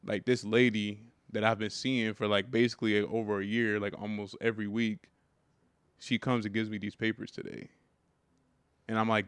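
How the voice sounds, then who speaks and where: A man's voice: fairly low pitch, level tone, moderate pace, smooth, dry recording. Rambling man telling a story. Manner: rambling, full of "like" and "right?". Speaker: podcast co-host. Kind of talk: casual storytelling chat.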